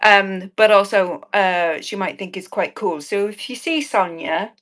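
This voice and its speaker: A woman's voice: medium pitch, unhurried, a bit bright. A woman running a live online jewellery auction, chatting in a bubbly, rambling way, with cheeky asides and frequent laughs. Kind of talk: chatty live-stream selling.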